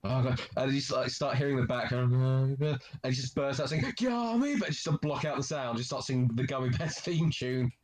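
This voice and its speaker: A man's voice: medium pitch, fairly even intonation, fairly quick, few pauses. A man co-hosting a comedy show, joking and riffing on the story in casual banter. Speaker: podcast co-host.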